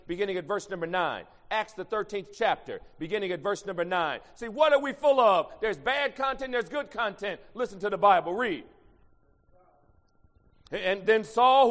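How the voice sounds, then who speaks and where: A male pastor preaching a sermon, swinging from quiet asides to loud shouted lines. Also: high voice. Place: church sanctuary. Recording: long church reverb.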